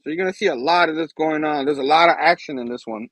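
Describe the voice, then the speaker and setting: A man's voice: a little high, quick pace, fairly bright tone, no echo, low-quality recording. A man hosting a casual comic book review show, enthusiastic and rambling.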